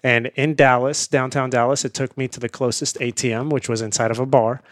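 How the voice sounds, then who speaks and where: A man from India, speaking as a guest in a casual interview. He tells his story in a lively, anecdotal way and laughs easily. The recording is dry and close, with a voice of middling pitch. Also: a little fast, dry recording.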